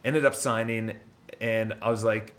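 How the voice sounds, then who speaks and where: A real estate broker and business owner telling his story in casual, rambling talk, blunt and quick to swear. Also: on the low side, fairly even intonation.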